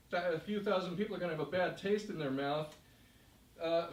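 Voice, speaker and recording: Guy telling a story on stage, kinda high voice, sounds far off in an echoey room. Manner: second-person narration, vivid and measured. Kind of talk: live storytelling performance. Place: stage in a hall.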